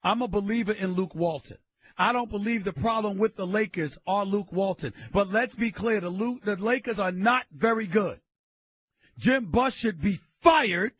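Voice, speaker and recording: Male sports radio host, high and bright, ranting loud and emphatic. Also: moderate pace, no echo. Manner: loud, emphatic, repeats points for stress. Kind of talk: opinionated sports talk rant. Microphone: studio microphone.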